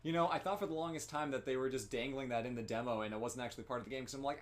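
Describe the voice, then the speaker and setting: A man's voice: mid-range voice, very fast. A man playing a game on stream, chatting with co-hosts in wry, joking banter. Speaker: player and co-host of a gameplay stream. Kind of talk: casual chat while playing a game.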